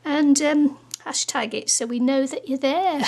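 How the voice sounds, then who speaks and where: A woman's voice: high voice, unhurried, creaky, a little mellow, slight background noise. A woman chatting casually through a crafting tutorial, laughing often as she works, and losing her voice. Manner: chatty, giggly, talks while working. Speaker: crafting vlogger.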